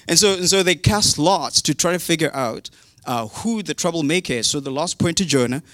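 A man's voice: a little high, expressive, fairly quick, a bit bright, dry recording, studio quality. A man preaching a casual sermon, retelling a Bible story in a chatty, humorous way with modern slang.

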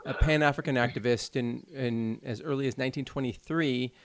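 Man, podcast co-host, earnest explainer, medium pitch, dry unechoing sound. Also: steady tone, a little fast, no room sound. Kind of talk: casual chat.

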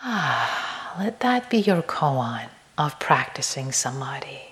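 A woman meditation teacher giving a dharma talk, gentle and slow, sometimes sinking to a soft whisper and at other times turning playful and expressive. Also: rumbling low.

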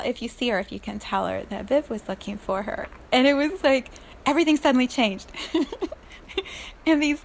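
Chatty woman telling a story, fairly high voice. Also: a little hiss or hum. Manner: chatty, animated, laughs often. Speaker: energy healer. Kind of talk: casual storytelling monologue.

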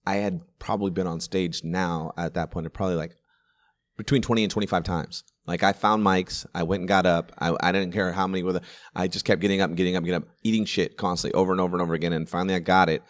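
A comedian in his forties in casual chat, telling rambling stories in quick bursts with restarts and swearing. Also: low voice, steady tone. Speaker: stand-up comedian.

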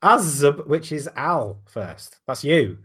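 A man's voice: fairly high pitch, animated, slow pace, a bit bright, husky. A man hosting a casual podcast chat, rambling and swearing freely. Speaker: podcast host.

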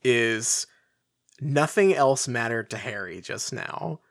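Man, podcast co-host, mid-pitched, wry, rambling, deadpan, dry close recording. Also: takes it slowly, no echo. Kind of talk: casual book-club chat.

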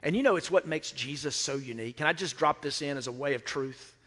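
A man's voice: fairly high pitch, quick pace, fairly bright tone. Middle-aged man, pastor, emphatic sermon delivery with repeated lines, echoing church hall. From Mississippi. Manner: emphatic, repeats phrases, asks the crowd questions. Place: church sanctuary. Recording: reverberant hall.

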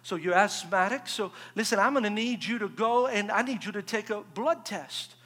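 A man voicing a police officer in a joke, speaking briskly and firmly. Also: high voice, pushed and bright. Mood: stern. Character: patrolling police officer, growing frustrated. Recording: echoey church hall.

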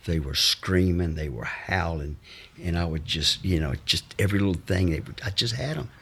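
A man with a drawl talks in a very low, gravelly-husky register as he rambles through old stories. He stops and restarts often, filling gaps with uh's. He slips into the voices of the people he remembers. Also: a bit bright. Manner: rambling, halting with many uh's, acts out the people he quotes. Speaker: guest telling life stories. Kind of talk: casual anecdotal storytelling.

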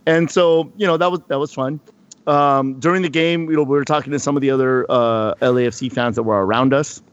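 A man's voice: medium pitch, fairly even intonation, a little fast, clear, resonant tone, lo-fi sound. A man, co-hosting a casual podcast and telling a long story with lots of restarts and fillers. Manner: rambling, many restarts and fillers. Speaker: podcast co-host.

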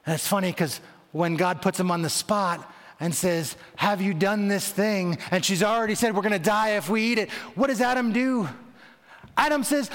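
High-voiced man preaching in a reverberant hall. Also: normal speed, a bit bright. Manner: dramatic, voicing biblical figures in quotes. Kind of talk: sermon. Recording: long reverb of a large hall.

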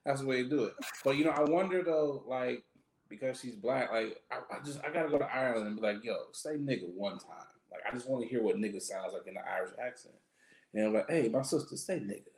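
A man riffs and jokes through casual podcast banter with a loose, drawn-out delivery. His voice has a gravelly, fry-heavy texture and a middle pitch. The sound bounces around an echoey room. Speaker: podcast co-host.

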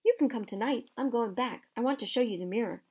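A woman reading aloud, voicing an earnest young boy wizard who talks in a hushed, urgent way. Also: a little high, quick pace, husky. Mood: eager.

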